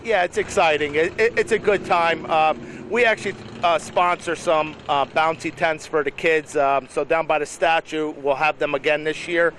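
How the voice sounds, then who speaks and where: A man, a police chief, answering interview questions outdoors in a plain, halting way. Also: fairly high pitch, steady tone, fairly bright tone, a little hiss or hum. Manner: plain-spoken, halting with fillers. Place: outdoors in a town street.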